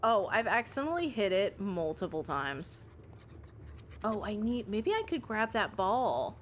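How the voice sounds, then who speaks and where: This young woman streamer talks away to viewers over a puzzle game, chatty and profane, laughing often and letting out shrieks when panicking. Her medium-pitched voice has a sing-song, measured quality, with a little hiss or hum in the audio.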